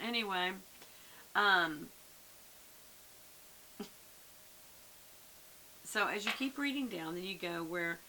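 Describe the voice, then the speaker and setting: A woman's voice: on the low side, animated, slow pace, pauses often, bright, forceful tone, rough recording. A woman leading a casual Bible study, musing aloud with frequent fillers. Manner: conversational, muses aloud, many fillers. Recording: faint hiss.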